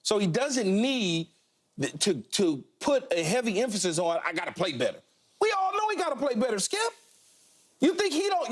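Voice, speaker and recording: A man on a sports debate show, insistent and repeating himself as he pushes back on his co-host. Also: very high-pitched. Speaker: sports analyst.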